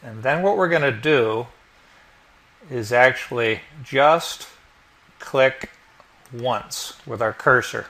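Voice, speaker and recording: A man narrating a software tutorial step by step as the instructor, explaining each click as he goes. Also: medium pitch, slow pace, long pauses. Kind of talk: screen-recorded tutorial narration.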